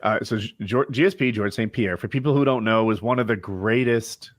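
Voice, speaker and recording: A man's voice: on the low side, normal speed, no room sound, clean studio sound. A man co-hosting a podcast, explaining things at length in casual chat. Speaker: podcast co-host.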